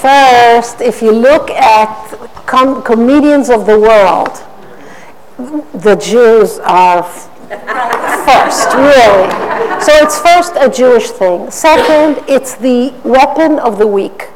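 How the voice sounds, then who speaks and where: A middle-aged woman giving an animated public talk, with playful mimicry of others. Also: a little high, slow, noisy background. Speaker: speaker. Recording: roomy hall, faint ambience.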